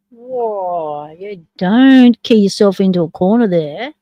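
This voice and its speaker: A woman hosting a live stream in casual chat. She talks to herself as she runs the stream software and comments along with a video. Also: medium pitch, animated, slow pace, few pauses, dry recording, highs cut off.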